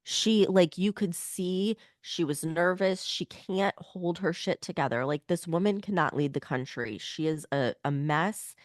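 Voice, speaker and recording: A woman co-hosting a podcast talks in a blunt, opinionated way, full of "like" fillers. Her voice is on the lower side and sounds nasal and strained, as if she is unwell. The recording is close and dry, with no room sound. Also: measured pace, hardly any pauses, no echo. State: voice strained from illness. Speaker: podcast co-host. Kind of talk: casual political chat.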